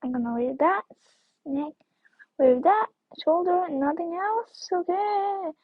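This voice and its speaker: A woman's voice: extremely high pitch, slow pace, no room sound. A woman giving casual gameplay commentary as a video creator, rambling and repeating words, with sudden squeals and whispers. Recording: dull lo-fi recording.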